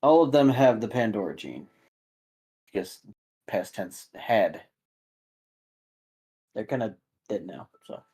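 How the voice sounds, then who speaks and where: A man's voice: fairly low pitch, sing-song, slow, pauses often, mellow, breathy edge, heavily acted. A man voicing a businesslike female secret agent answering questions over the phone in a tabletop game, with a dry, matter-of-fact delivery.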